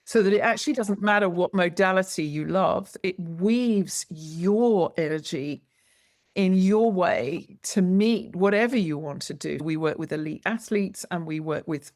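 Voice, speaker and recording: A woman's voice: lowish voice, a little slow, a little mellow, no room sound, clean studio sound. A woman guest in an interview, explaining her work in an emphatic, lecturing way and stressing key words. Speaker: guest, movement educator. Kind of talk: interview conversation.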